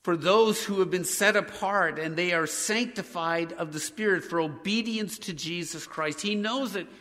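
A man's voice: high voice, moderate pace, fairly bright tone, long reverb tail. A man preaching a sermon as pastor, speaking earnestly as he reads scripture aloud and leads his congregation in prayer.

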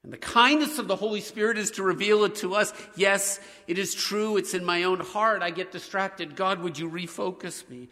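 A man's voice: high voice, steady tone, moderate pace, hardly any pauses, bright, forceful tone, long reverb tail. A man preaching a sermon as pastor, speaking earnestly as he reads scripture aloud and leads his congregation in prayer.

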